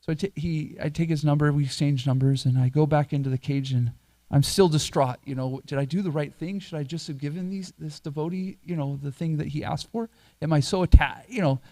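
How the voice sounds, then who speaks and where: Middle-aged male priest, slightly high, mellow voice; chatty self-deprecating sermon anecdote. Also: brisk, few pauses. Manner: chatty, self-deprecating storyteller who chuckles at himself. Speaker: temple priest. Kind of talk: sermon told through a personal anecdote. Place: temple hall.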